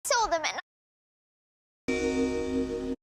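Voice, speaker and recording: A woman's voice: high-pitched, very animated, very slow, heavily acted. A woman voicing a bossy schoolchild who plays detective in a mock-serious, dramatic way. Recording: music playing underneath.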